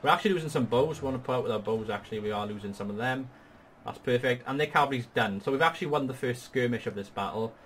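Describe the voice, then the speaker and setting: A man guides a partner through a strategy game battle, explaining each move in a patient, upbeat tone. His pitch sits in a middle range for a man. A faint hiss runs underneath his voice. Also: quick pace, fairly bright tone. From Wales. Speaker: gaming channel host. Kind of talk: strategy game tutorial commentary.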